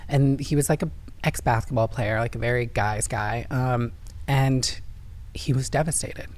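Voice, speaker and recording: A woman from Indiana, telling her personal story earnestly and emotionally as an interview guest. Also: very deep voice. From Indiana, USA.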